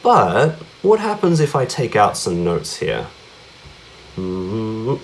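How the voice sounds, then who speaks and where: Chatty man teaching cajon, lively pitch. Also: slow pace, slight background noise. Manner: chatty, asks many tag questions like yeah and right; counts out beats and vocalizes drum sounds. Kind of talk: casual music lesson.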